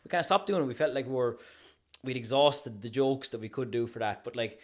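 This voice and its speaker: A man's voice: mid-range voice, brisk. A man hosting a podcast in casual chat, rambling and restarting his sentences, laughing often. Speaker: podcast host.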